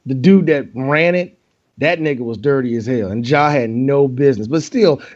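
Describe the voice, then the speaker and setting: A man's voice: medium pitch, moderate pace, darkish tone. A man co-hosting a podcast in casual banter, blunt and profane, joking about movies. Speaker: podcast co-host. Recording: dull lo-fi sound.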